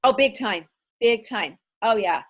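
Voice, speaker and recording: Her voice is a little high and her pace measured. This middle-aged woman, an author being interviewed casually, shares lively anecdotes that often poke fun at herself.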